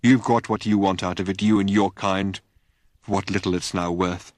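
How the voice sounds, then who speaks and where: A man's voice: deep voice, flat delivery, moderate pace, no echo, close to an everyday voice. A man voicing a gloomy, taciturn old male god who talks in terse, clipped phrases. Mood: grim.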